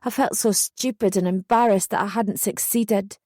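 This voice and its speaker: A woman's voice: mid-range voice, steady tone, normal speed, dark tone, no room sound, clean studio sound. A young woman narrating a true first-person memoir as an audiobook, intense and emotional in her retelling.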